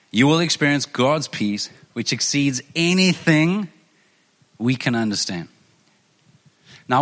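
A man's voice: on the high side, a bit bright, in a large hall. A man preaching as a pastor, earnest and conversational, often repeating phrases for emphasis. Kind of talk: sermon.

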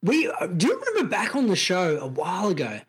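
A middle-aged Australian man in loose, profane podcast banter, laughing as he goes. His pitch swings widely, and the voice has a slightly husky edge. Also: huge pitch swings, fairly quick. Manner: laughing, swearing, playful. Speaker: podcast co-host. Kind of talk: casual banter.

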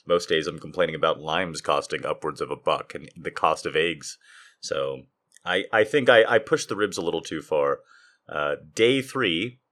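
A man's voice: low-pitched, a bit bright. A man, hosting a podcast in casual chat, telling rambling, profane, self-amused stories from a room at home. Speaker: podcast host and author. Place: home room with ceiling fan running.

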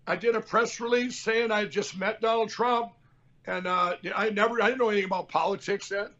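A man's voice: sits high, steady tone, brisk, a bit bright, muffled recording. A man hosting a political talk show, rambling and combative, repeating himself as he talks. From Minnesota. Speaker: show host.

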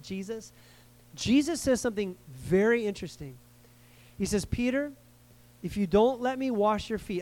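A pastor preaches to a live congregation at a church service, keeping it conversational, repeating words for emphasis and checking in with his listeners. His voice is high and a little mellow.

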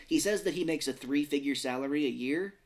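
A man's voice: fairly high pitch, brisk. A man in his thirties co-hosting a casual movie podcast, joking and acting out lines in silly voices. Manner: laughing, jokey, acts out movie lines in voices. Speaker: podcast co-host. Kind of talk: casual movie recap chat.

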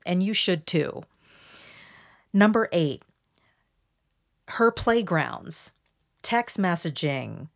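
A woman hosting a solo podcast, calmly walking listeners through a numbered list of points. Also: on the low side. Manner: measured, explanatory, walks through numbered points. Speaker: podcast host.

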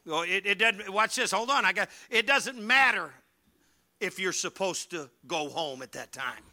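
A middle-aged man preaching a sermon as pastor, animated and joking with his congregation, swinging between loud and hushed. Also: sits high, moderate pace. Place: church hall.

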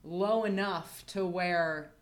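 A woman's voice: lowish voice, fairly even intonation, slow pace. A woman co-hosting a casual podcast chat in student housing, chatty and wry, often laughing. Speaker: podcast co-host.

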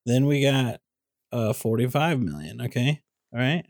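A man's voice: medium pitch, lively intonation, a little slow, a little mellow, no echo. Man, casual movie podcast, teasing, mock-exasperated, emphatic, dry close sound. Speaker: podcast co-host. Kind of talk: casual comedic movie chat.

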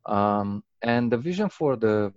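Animated low-voiced man telling stories. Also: unhurried, dry recording, muffled recording. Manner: animated, acts out quotes with big pitch jumps, many fillers. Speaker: guest, game company founder. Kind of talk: casual interview storytelling.

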